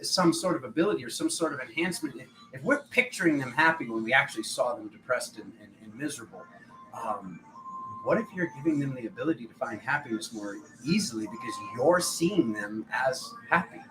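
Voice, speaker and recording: A man's voice: mid-range voice, animated, brisk, music in the background, rough recording. A young man giving a spiritual tarot reading, rambling and acting out the voices of people in his stories. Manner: rambling, acts out quoted voices. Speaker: tarot reader.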